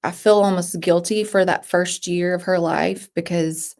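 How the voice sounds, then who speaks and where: Halting woman with a low-ish voice. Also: steady tone, darkish tone. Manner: halting, with restarts and trailing-off phrases. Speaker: podcast guest. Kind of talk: emotional personal interview.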